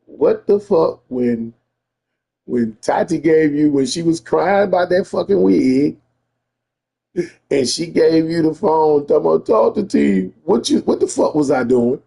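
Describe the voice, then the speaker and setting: A man's voice: fairly high pitch, a little slow, vocal fry, mellow. A man telling a story in a casual, profane rant to a friend, emphatic and repeating himself.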